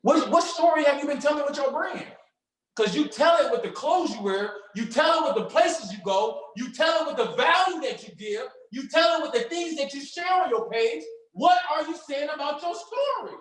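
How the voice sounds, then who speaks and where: A man with a strikingly high voice delivers a lively motivational lesson. He talks in slang and fires questions at his listeners, pausing for them to answer. His voice rings around an echoey room. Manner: energetic, preachy, uses slang and call-and-response questions. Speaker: trading mentor. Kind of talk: motivational coaching talk.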